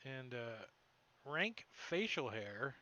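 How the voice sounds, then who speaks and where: A man narrating as dungeon master of an online tabletop game, chatty and lively, with sound effects. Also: medium pitch, drawn-out words.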